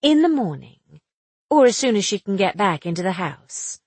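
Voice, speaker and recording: A woman reading the lines of a quick-witted young woman amateur sleuth, chatty and teasing, with a breathy voice. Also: mid-range voice, very animated, a little mellow, dry recording. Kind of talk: audiobook dialogue reading.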